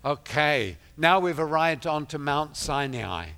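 A man preaching a sermon who swings from quiet, measured talk to loud, emphatic declarations, often repeating phrases for effect. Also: a little high, lively intonation, clean tone.

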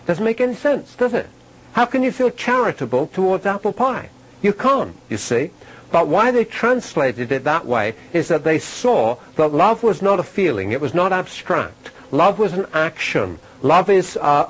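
A man's voice: fairly high pitch, very animated, measured pace, breathy edge, low-quality recording. A man giving a sermon-style Bible teaching to a live audience. He talks conversationally, asks his listeners questions, ends points with "okay?" and repeats key phrases for emphasis.

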